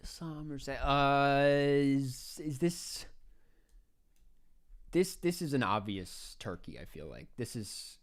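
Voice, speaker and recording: A man hosting, thinking aloud and swearing softly as he plays a geography guessing game, into a close desk mic. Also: medium pitch, animated, takes it slowly. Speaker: podcast host playing a geography guessing game. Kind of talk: casual gameplay commentary.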